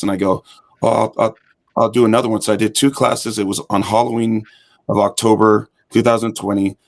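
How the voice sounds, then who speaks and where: A hip hop fitness instructor appears as a guest on an interview show, telling his story casually at a quick pace. His voice is lowish, and he's an animated storyteller who acts out the dialogue he quotes.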